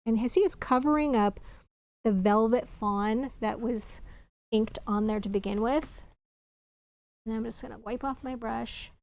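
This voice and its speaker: A woman's voice: a little high, a little slow, pauses often, darkish tone. A woman demonstrating card making in a casual crafting tutorial, chatting and thinking aloud as she works. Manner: chatty, talks while working, thinks aloud.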